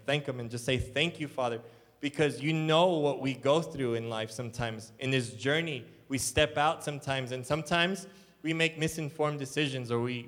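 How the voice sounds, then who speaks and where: A man's voice: mid-range voice, a bit bright. A man, a church elder, preaching a sermon in an earnest, rambling storytelling way with many fillers. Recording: long hall reverb.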